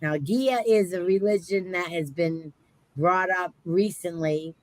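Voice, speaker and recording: A woman in a casual chat, quick to agree and affirm what others say. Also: on the low side, darkish tone, dry recording, poor audio.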